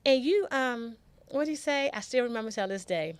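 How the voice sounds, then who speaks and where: A woman's voice: on the high side, animated, normal speed, smooth, dry recording. A middle-aged woman, a show's guest, candidly telling her own life story in a heartfelt way.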